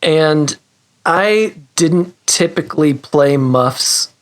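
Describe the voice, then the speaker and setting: A man's voice: fairly high pitch, animated, drawn-out words. A man who builds guitar pedals, a guest on a podcast, talking in a rambling, self-deprecating way with easy laughs. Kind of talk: casual interview chat.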